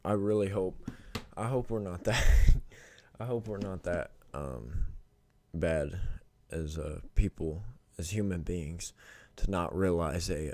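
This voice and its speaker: A young man with a very low, dark voice talks loosely through a reaction video. He wanders, restarts and corrects himself in an easygoing way. The sound is dry and close, with no room around it. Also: dry recording. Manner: rambling, informal, self-correcting. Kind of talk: casual reaction commentary.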